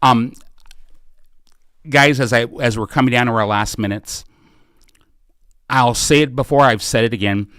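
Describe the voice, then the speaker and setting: A man's voice: mid-range voice, measured pace, pauses often, a bit bright, smooth, no room sound. A fervent middle-aged American man speaks in a mid-range voice, pressing his audience with repeated calls to action. The sound is dry and close, with almost no room around him. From United States. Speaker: podcast host and political candidate. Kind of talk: live podcast Q&A, rallying appeal.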